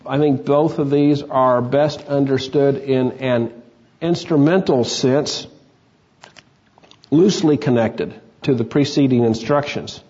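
A man preaching an expository sermon, explaining scripture in a measured, teacherly way. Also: medium pitch, steady tone, a little mellow, muffled recording. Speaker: pastor.

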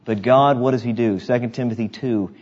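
A man's voice: medium pitch, fairly even intonation, fairly quick, darkish tone. Emphatic preaching man, muffled recording. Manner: emphatic, conversational preaching with asides to the congregation. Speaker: pastor. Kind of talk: sermon.

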